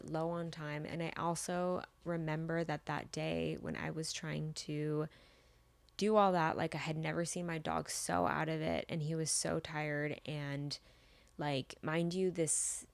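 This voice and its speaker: Woman, young adult, podcast host, low voice, chatty and rambling, dry close sound. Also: no echo. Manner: chatty, rambling, many "like" fillers. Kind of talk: casual storytelling.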